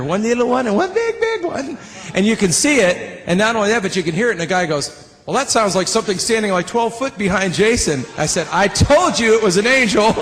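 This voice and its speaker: A man, a music producer, telling an animated testimony story, laughing and acting out the voices of others. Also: high-pitched, long reverb tail.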